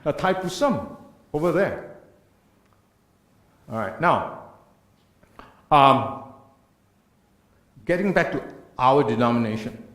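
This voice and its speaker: A man giving an earnest church talk, lecturing emphatically and asking rhetorical questions. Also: sits high. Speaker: speaker. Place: church hall. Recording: echoey church room.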